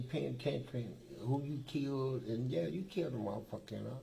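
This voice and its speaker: Man from Kentucky, gravelly voice, profane streetwise storyteller, acts out the dialogue. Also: mid-range voice, fast talker, few pauses, dark tone, low-quality recording. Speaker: interview guest. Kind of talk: casual storytelling.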